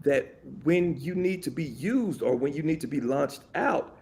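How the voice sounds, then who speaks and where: A man chatting as a podcast guest in an animated, rambling way, with many fillers and restarts. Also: fairly high pitch, unhurried, slight background noise. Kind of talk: casual chat.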